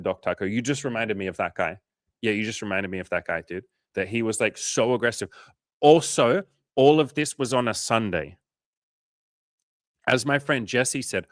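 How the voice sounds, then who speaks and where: A man's voice: lowish voice, a little fast, no echo, clean studio sound. A man hosting a coaching livestream, telling stories casually with lots of swearing and acted-out dialogue. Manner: animated storytelling, swearing, acting out quoted dialogue. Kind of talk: casual livestream chat answering viewers.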